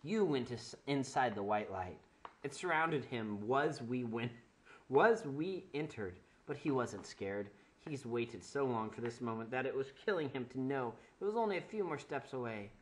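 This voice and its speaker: A man's voice: medium pitch, expressive, normal speed, slight background noise. A young man doing a mock-dramatic reading of a bad fanfic, with sarcastic asides about the writing. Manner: sarcastic, breaks into laughter and wry asides. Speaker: comedic fanfic reader.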